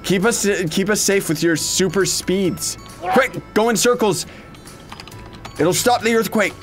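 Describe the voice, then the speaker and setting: A man hosting a let's-play video, giving excitable, jokey gameplay commentary and yelling and laughing along with friends. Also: sits high, unhurried, soft background music. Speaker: gaming channel host.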